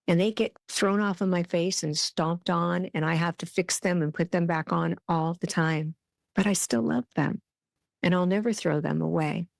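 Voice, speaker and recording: Middle-aged woman, low gravelly voice, heartfelt confiding self-help podcast talk. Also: darkish tone, no echo, studio quality. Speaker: podcast host.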